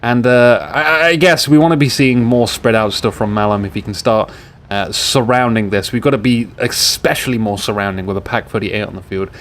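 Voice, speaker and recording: A man's voice: fairly low pitch, brisk, a little hiss or hum. A British man casting a replay of a strategy game, rambling and joking with sarcastic asides. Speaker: game caster. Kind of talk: casual game commentary over a replay. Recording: game gunfire and explosions in the mix.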